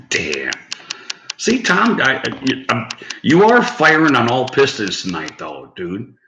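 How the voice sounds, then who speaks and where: A man's voice: mid-range voice, wildly swooping pitch, slow, pushed and bright. A man hosting a casual late-night live stream who chats with viewers in the comments, rambling, swearing and laughing at his own lines. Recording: echoey room, faint background noise.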